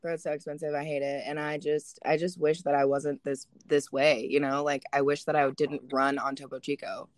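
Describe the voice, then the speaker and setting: A woman's voice: sits low, a little fast, few pauses, no echo. A young woman hosting a podcast, telling stories animatedly and swearing freely. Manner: swears a lot, animated storytelling. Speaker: podcast host. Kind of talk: casual podcast chat.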